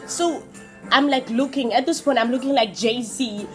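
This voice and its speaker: A young Namibian woman with a Namibian accent, telling a storytime vlog in a casual, animated way and acting out what people said. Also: on the high side, a little slow, over music. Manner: animated, switches between English and Afrikaans, acts out quotes. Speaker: vlogger.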